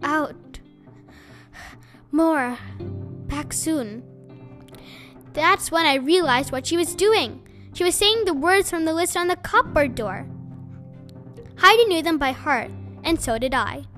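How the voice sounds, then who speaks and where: Woman, storyteller, gentle unhurried reading, crisp bright tone, high voice. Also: lively intonation, faint music behind. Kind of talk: reading a children's novel aloud.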